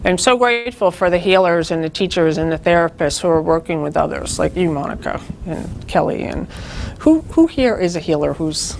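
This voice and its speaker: A woman's voice: fairly low pitch, expressive, moderate pace, creaky, a little mellow, slight background noise. A woman leading a spiritual group, giving an earnest, informal talk that teaches through personal stories.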